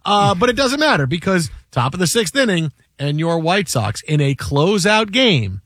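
Male sports radio host, high and animated, dry studio sound. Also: normal speed, dry recording. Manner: energetic, joking, repeats words.

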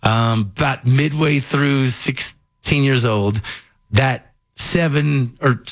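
An animated male radio host from Kentucky with a faint Southern accent, spinning a story in casual studio chat. His pitch sits mid-range, and he slips into other people's voices as he tells it. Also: takes it slowly, no echo.

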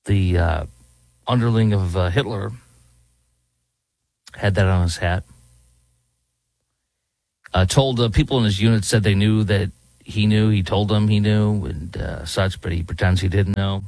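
A man's voice: fairly low pitch, fairly even intonation, unhurried, creaky, pauses often, darkish tone, no echo. A man hosting a talk show, giving indignant, emphatic commentary with many fillers. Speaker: talk radio host. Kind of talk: opinionated commentary.

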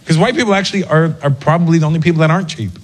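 A man doing a stand-up comedy routine on stage, acting out people in quick voices. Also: on the high side. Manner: animated, acts out characters in quick voices. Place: comedy stage with a live audience. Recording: noisy live show recording.

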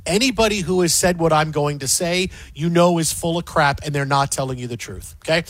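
Male sports radio host, heated and emphatic, high-pitched, dry studio sound. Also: fairly quick, no echo. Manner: emphatic, ranting, mocking quotes.

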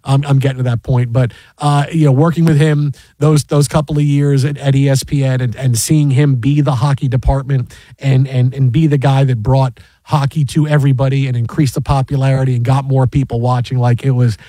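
A man hosting a sports radio show from a studio, telling a story in an animated way, acting out quotes and laughing often. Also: mid-range voice, a little fast, dry recording. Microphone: studio microphone.

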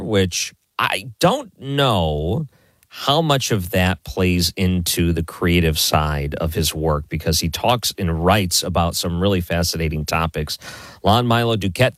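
Male late-night radio host, low voice, dry close sound, chatty and friendly. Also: no echo. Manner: friendly, chatty, animated questions. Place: home basement office.

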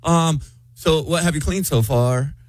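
A man in his thirties, a morning radio host, telling a story with lively acted-out quotes. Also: on the high side, a little slow, no room sound. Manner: animated storyteller, acts out quotes.

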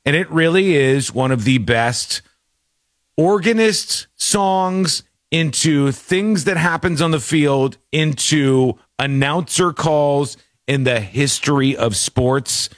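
A man's voice: a little high, slow, no room sound, clean studio sound. A man hosting a radio talk show in an upbeat, playful, chatty way. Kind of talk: lively radio show chat.

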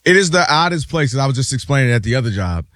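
Animated male sports talk co-host. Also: medium pitch, very fast, dry recording. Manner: animated, acts out quotes in funny voices.

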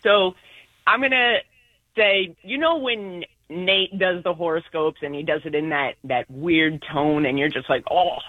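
A woman's voice: fairly low pitch, measured pace, no room sound, phone-quality sound. A woman calling in to a radio show, polite and apologetic. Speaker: caller. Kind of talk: casual radio call.

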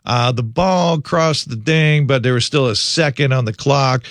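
Male radio host, middle pitch, chatty and loose, dry close mic. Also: unhurried, no room sound. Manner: chatty, storytelling, many fillers. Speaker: radio breakfast show host. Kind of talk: casual morning radio chat.

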